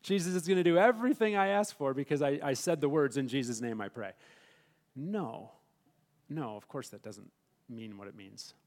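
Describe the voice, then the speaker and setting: Man preaching with animated rhetorical questions. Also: on the high side. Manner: animated preaching, rhetorical questions, soft slow emphasis on scripture. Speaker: pastor. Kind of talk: sermon.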